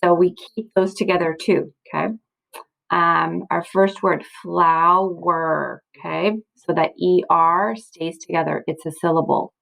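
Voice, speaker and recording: A woman's voice: on the low side, fairly even intonation, moderate pace, creaky, fairly bright tone, rough recording. A woman teacher walking young students through a recorded slideshow lesson, patient and encouraging, often checking in with "okay?" and "right?". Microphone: computer mic, screen recording.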